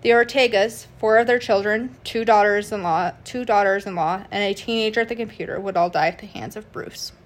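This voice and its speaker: A woman's voice: medium pitch, brisk, few pauses. A woman hosting a podcast, narrating a true crime case casually from her notes, with fillers and restarts. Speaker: podcast host.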